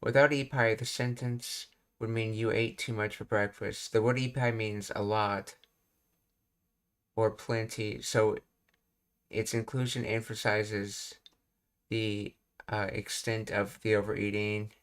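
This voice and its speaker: A man works through a language lesson on a live stream, reading explanations and pausing to ask himself questions. His voice sits low and stays flat. Keyboard typing is heard behind him. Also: clean tone. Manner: thinking aloud, reading explanations, self-questioning. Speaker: language teacher.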